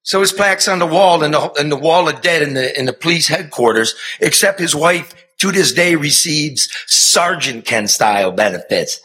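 A middle-aged man, a former TV news reporter, telling a personal story in an earnest, conversational way, moving from hushed to impassioned. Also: fairly high pitch, animated, moderate pace, hardly any pauses. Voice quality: raspy. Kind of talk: earnest spoken storytelling and banter.

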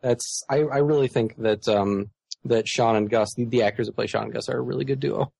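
Podcast co-host, male, joking and teasing, dry close mic, normal pitch. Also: fairly quick, vocal fry, no echo. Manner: playful, teasing, breaks into excited squeals. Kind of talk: casual podcast chat. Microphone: remote call mic.

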